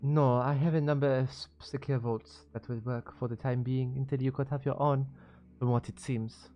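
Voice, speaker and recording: A man's voice: mid-range voice, steady tone, mellow, close to an everyday voice. A man voicing a poised woman tech mogul with a put-on French accent, speaking formally in a tabletop role-play. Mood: composed. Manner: formal, courteous, measured.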